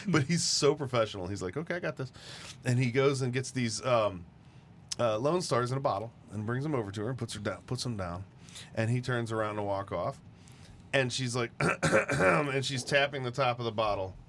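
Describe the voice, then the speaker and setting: Brief: male co-host, mid pitch, lively storyteller, faint room noise. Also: moderate pace. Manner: animated, laughing storyteller. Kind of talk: casual storytelling.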